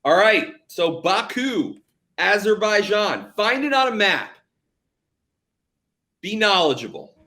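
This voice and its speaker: A young man co-hosting a casual betting podcast, energetic and jokey, hyping things up as he talks. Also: high voice, takes it slowly, long pauses. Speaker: podcast co-host.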